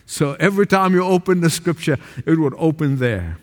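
A man preaching a sermon to a small congregation in a church, emphatic, swinging between raised calls and low, quiet asides. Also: animated, normal speed, few pauses. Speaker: pastor. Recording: long reverb of a large hall.

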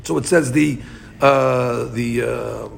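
A man's voice: mid-range voice, steady tone, takes it slowly, gravelly, slight background noise. A man teaching a Talmud class, thinking aloud and restarting often, with Hebrew and Aramaic terms mixed into his English.

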